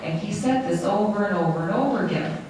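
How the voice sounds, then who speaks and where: An interpreter voicing a lecture live, in a halting, self-correcting way. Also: mid-range voice, expressive, a little mellow. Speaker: sign language interpreter. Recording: very echoey room, distant mic, faint noise.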